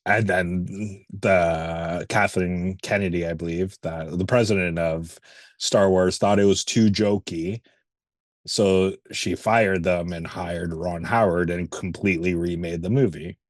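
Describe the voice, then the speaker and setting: Low-voiced man with a dry, close sound. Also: fairly even intonation, unhurried, dry recording. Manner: laughs while retelling scenes, casual swearing. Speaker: podcast co-host. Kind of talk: casual movie review chat.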